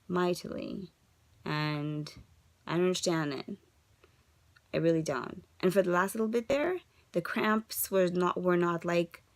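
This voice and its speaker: Woman, thirties, low husky-fry voice, upset but composed, confessional vlog. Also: dry recording. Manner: frustrated, rambling, rhetorical questions. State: upset, holding herself together. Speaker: vlogger sharing a fertility journey update.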